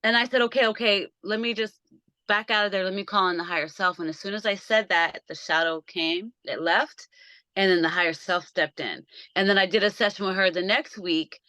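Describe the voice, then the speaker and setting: Bright-voiced woman host on a video call. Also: mid-range voice, brisk, no room sound. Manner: animated storyteller, acts out quoted voices. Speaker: podcast host. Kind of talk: casual video-call conversation. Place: small backyard shed.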